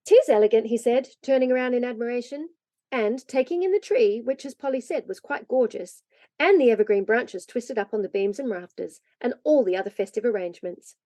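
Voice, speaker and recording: A woman narrating a classic children's story aloud in a lively, expressive way. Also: fairly high pitch, brisk, no room sound. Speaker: reader.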